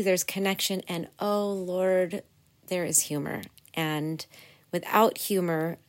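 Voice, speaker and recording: A woman hosting her own podcast, talking casually and earnestly with many fillers and small laughs. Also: lowish voice. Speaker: podcast host. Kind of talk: casual solo podcast talk.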